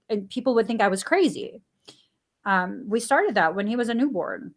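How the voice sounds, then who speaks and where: A woman's voice: a little high, expressive, normal speed. A woman hosting a spiritual podcast, telling a family story in a casual way. She acts out the quoted dialogue and laughs often. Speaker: podcast host.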